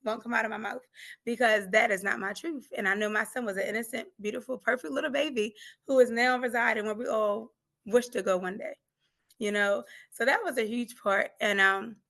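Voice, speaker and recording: A woman's voice: fairly high pitch, fairly bright tone. A middle-aged woman, a grief coach, passionately telling her story of faith with acted-out quotes. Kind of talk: emotional personal testimony.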